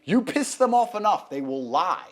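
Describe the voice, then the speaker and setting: A man with a high, lively voice that swings up and down as he lectures. He talks emphatically and swears freely in casual conversation. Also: moderate pace. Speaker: guest.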